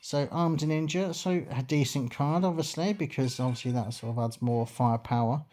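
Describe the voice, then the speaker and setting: Warm and medium-pitched, this man talks at a moderate pace while hosting a let's play. He chats loosely about each move he makes, with lots of filler words along the way.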